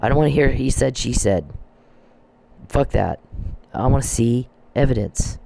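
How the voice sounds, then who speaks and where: A man's voice: mid-range voice, unhurried, vocal fry, mellow. A man talking in a casual monologue, blunt, emphatic and full of swearing. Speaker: commentator.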